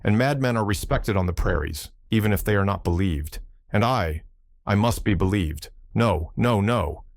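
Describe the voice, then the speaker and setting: A man voicing a hoarse, rough-spoken sailor who talks in halting, broken phrases and keeps begging to be understood. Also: on the low side, lively intonation, no echo. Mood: insistent. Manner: repeats himself, pleads to be understood. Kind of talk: audiobook character voice.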